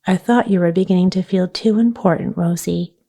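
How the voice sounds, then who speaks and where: A woman voicing a gentle, earnest young girl in a storybook reading, sounding a little plaintive. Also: on the low side, a little fast, gravelly.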